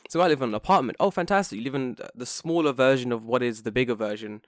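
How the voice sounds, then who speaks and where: Animated man telling stories. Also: mid-range voice, fast, no room sound, studio quality. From England. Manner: animated storyteller who mimics others and swears freely. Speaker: podcast co-host. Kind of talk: casual podcast chat.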